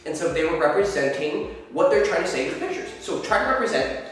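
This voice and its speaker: A dating coach teaches advice to camera, swearing freely and acting out his examples in a demonstrative way. His voice is a little high, animated and a little fast, with soft background music. He sounds far from the mic in an echoey hall.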